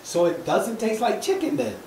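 A man's voice: high-pitched, animated, normal speed, gravelly, darkish tone, reverberant, recorded from a distance, a little hiss or hum. A man voicing a curious, pestering duckling in a picture book, asking innocent, nagging questions.

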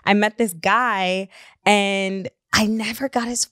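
A woman's voice: mid-range voice, fairly even intonation, slow, a bit bright, smooth, no echo, clean studio sound. Playful chatty woman co-host. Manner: chatty, playful, laughs often. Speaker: podcast co-host. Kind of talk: casual chat.

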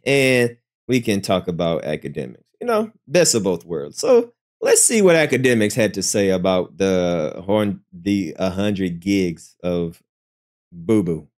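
Man, reaction host, casual, joking, animated pitch. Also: unhurried.

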